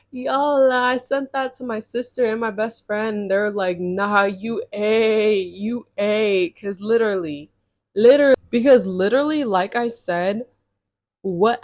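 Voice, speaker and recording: A woman's voice: medium pitch, dry recording. Young woman in a dry, close storytime. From California. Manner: chatty, exasperated, slangy storytelling. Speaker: storytime vlogger. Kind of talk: casual storytime.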